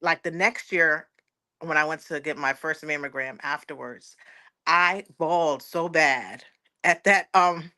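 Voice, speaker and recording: A woman's voice: low-pitched, measured pace, pushed and bright. A woman, a guest giving an earnest personal testimony and often quoting others aloud. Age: 40s. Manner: earnest, repeats words, quotes others aloud.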